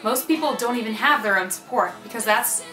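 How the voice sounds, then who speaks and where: A woman's voice: a little high, fairly quick. A young woman talking casually and earnestly, giving encouraging self-help advice. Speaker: advice speaker. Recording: echoey room with faint music.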